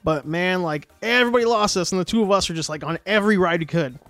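Fast-talking high-voiced man in his forties. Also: no room sound. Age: 40s. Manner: rambling, joking banter with bursts of excitement. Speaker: podcast co-host. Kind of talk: casual podcast chat. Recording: dry close mic with faint music.

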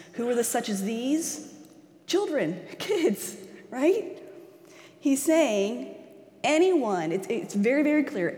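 A woman preaches in a relaxed, conversational way, animated and quick to laugh as she talks the congregation through a passage. Her voice sits at an ordinary pitch. It carries with a long reverb, as if recorded in a church hall. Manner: animated, acts out quoted voices, laughs easily. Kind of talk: conversational sermon.

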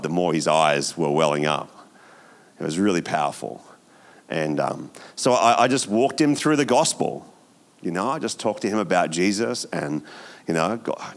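A man, preaching as a pastor, telling a story in a hushed voice that builds to emphatic exhortation. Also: low voice. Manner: storytelling, hushed at times, then rising and emphatic. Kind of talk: sermon.

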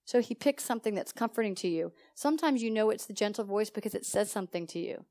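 A woman pastor preaching a sermon at a church service. She talks in an animated, conversational way and keeps asking her listeners questions. Her voice sits at an ordinary middle pitch for a woman. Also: quick pace. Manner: animated and conversational, often asks the audience questions. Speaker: pastor teaching a congregation.

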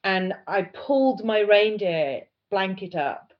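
A woman co-hosting a podcast, telling a story in a casual, animated way. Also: medium pitch, slow. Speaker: podcast co-host. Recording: dull lo-fi sound.

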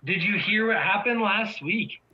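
A man's voice: high voice, animated, unhurried, muffled recording. A man joining a casual podcast as a guest, eager and enthusiastic to share what he has heard, over a remote line. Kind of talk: casual chat.

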